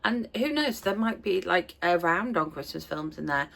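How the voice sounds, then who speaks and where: A woman vlogger chatting casually to camera as she opens advent calendars, often breaking into drawn-out 'ooh' exclamations. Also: lowish voice, lively intonation, gravelly, a bit bright. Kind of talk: casual vlog narration.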